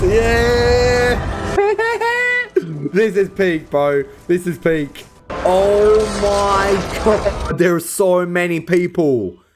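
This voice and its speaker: Excitable high-voiced man reacting to a film. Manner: excitable, swears often, bursts of laughter and shouting. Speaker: reaction video host. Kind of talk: excited movie reaction commentary. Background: film soundtrack music playing.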